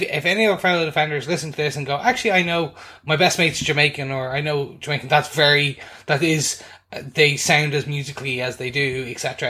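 A man's voice: a little high, bright, forceful tone. A man co-hosting a podcast, asking curious questions and restarting his sentences as he talks. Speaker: podcast co-host. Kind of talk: casual review chat.

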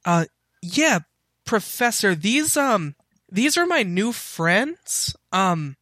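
A man's voice: high voice, very animated, slow pace, pushed and bright, no room sound, clean studio sound, pitched above the performer's own voice, exaggerated voice. A man voicing a nervous, eager young guide who stammers and repeats his words. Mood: earnest.

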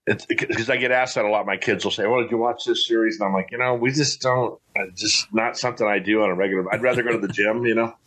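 A man's voice: lowish voice, steady tone, quick pace, hardly any pauses, a bit bright. A middle-aged man talking in a casual, rambling, folksy way with frequent restarts. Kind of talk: casual chat.

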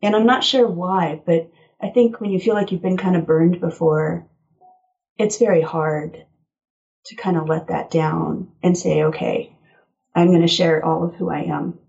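A woman guest on an interview show, telling personal stories in an animated way and laughing often. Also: on the low side, unhurried, vocal fry, dull audio. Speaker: guest author. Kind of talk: casual interview chat.

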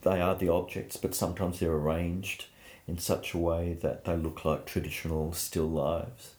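A man, a painter, telling anecdotes in an animated way during an interview. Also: low voice, moderate pace. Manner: anecdotal, animated storytelling with laughs.

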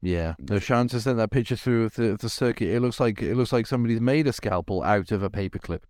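A man's voice: lowish voice, quick pace, darkish tone, no echo, studio quality. A man co-hosting a casual podcast chat, blunt and joking. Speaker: podcast co-host.

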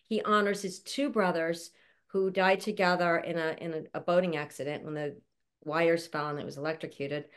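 A woman's voice: deep voice, steady tone, moderate pace, clear, resonant tone. A woman hosting an online panel over a video call, introducing guests in a chatty, affectionate way and laughing often. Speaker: show host introducing a panel. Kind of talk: casual chat.

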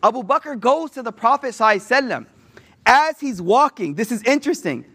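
A man delivers a relaxed sermon. He tells old stories in modern slang and acts out the quotes as he goes. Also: very high voice, fast. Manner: slangy, animated retelling with acted quotes. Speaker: Islamic preacher. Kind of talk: casual sermon with storytelling.

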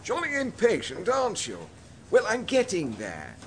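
A man's voice: high-pitched, wildly swooping pitch, normal speed, a little hiss or hum, full character voice. A man playing a pompous, easily offended polar expedition captain in a comic history sketch. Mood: huffy. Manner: indignant, stiff-upper-lip bluster.

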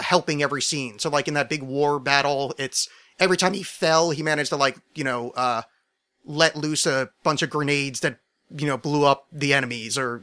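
A man on a casual podcast, rambling excitedly and swearing freely as he explains a fan theory. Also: on the high side. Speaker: podcast co-host or guest.

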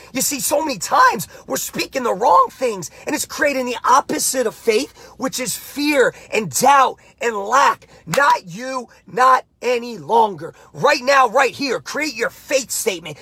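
A man giving a motivational podcast pep talk as a coach, emphatic and repetitive, with shouted bursts. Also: very high voice, husky, no echo.

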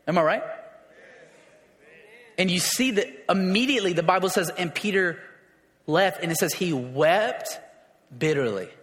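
A man preaching a sermon in a conversational way, often restarting and asking the crowd questions, rising louder for emphasis. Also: high-pitched. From raised in a city. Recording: long hall reverb.

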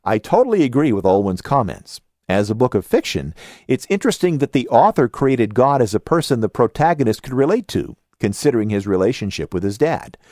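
A man's voice: on the low side, a little mellow, no echo, studio quality. A man with a Southern California accent hosting a podcast, reviewing a book casually and reading listener comments aloud with his own asides. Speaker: podcast host.

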